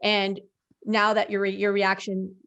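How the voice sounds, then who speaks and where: A woman's voice: mid-range voice, completely flat delivery, slow pace, vocal fry, a bit bright, dull audio. A woman in a casual podcast conversation, speaking earnestly and encouragingly as a guest.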